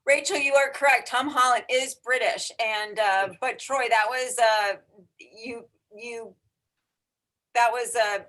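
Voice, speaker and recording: A woman's voice: fairly high pitch, steady tone, takes it slowly, fairly bright tone. A woman interviewing a guest, hesitant and searching for her words. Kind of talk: casual interview questions.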